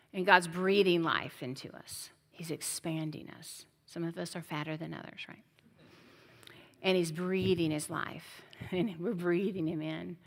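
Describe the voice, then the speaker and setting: A woman's voice: lowish voice, fairly bright tone. A middle-aged woman preacher giving a sermon, emphatic and conversational, speaking straight to her congregation.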